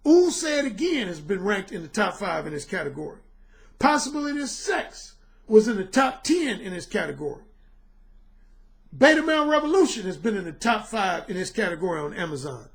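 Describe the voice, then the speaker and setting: A man coaching on dating, delivering a heated, profane rant to camera with combative, repetitive challenges and frequent shouting. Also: very high voice.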